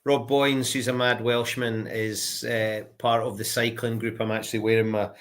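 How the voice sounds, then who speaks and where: A man hosting a live online chat, keen and encouraging. He reacts warmly to his guest's stories and keeps the conversation moving. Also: mid-range voice, little pitch movement, moderate pace. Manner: enthusiastic, encouraging interviewer. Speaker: host.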